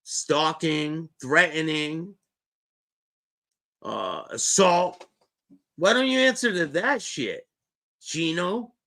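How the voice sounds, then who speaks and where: A man's voice: on the high side, lively intonation, drawn-out words, gravelly, pauses often, pushed and bright. A man hosting his own show, heckling and mocking a clip as it plays. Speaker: show host. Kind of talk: reacting to a played clip.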